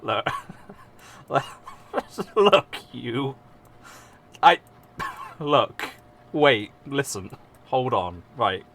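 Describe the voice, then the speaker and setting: A man's voice: mid-range voice, sing-song, drawn-out words, long pauses, a bit bright. A young man with an English accent streams casually, rambling, swearing often and mocking himself. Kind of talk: casual live-stream chat.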